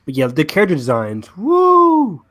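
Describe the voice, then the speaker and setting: A man co-hosting a podcast, chatting casually and with excitement as he watches and reacts. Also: fairly high pitch, fairly quick. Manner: enthusiastic, exclaiming. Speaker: podcast co-host.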